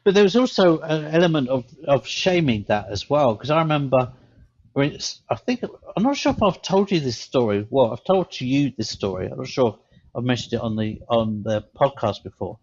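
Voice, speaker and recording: Podcast co-host: man, mid-pitched, rambling storyteller, slightly muffled recording. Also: normal speed. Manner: rambling storyteller, animated when telling a story. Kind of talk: casual chat. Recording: slightly dull lo-fi sound.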